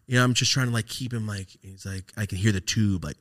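A man's voice: fairly low pitch, fast talker, fairly bright tone. A man, casually telling a story as a podcast host, rambling and profane with lots of "like". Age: late 20s.

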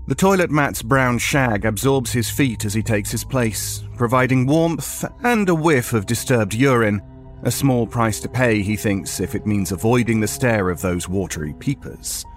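A man narrating a horror story in a measured, storytelling way. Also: medium pitch.

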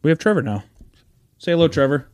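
A man's voice: on the high side, animated, quick pace, no room sound. A man co-hosting a podcast in casual chat, swearing a lot and acting out quotes in silly voices. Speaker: podcast co-host.

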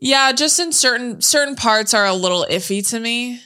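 A young woman co-hosting a casual chat, animated, laughing often and swearing freely. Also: fairly high pitch, moderate pace. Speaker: podcast co-host.

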